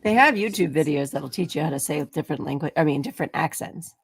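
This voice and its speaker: A woman's voice: deep voice, expressive, fast talker, gravelly, husky, dry recording. A woman co-hosting a true-crime live show, chatting casually in a wry way and laughing often. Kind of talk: casual chat.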